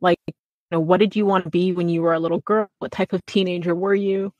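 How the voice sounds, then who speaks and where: A woman's voice: on the low side, flat delivery, fast talker, no echo, lo-fi sound. A woman hosting a podcast, reading a guest's introduction, then thanking her effusively and asking about her childhood. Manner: warm, gushing, effusive thanks. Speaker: podcast host. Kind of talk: interview hosting, scripted intro.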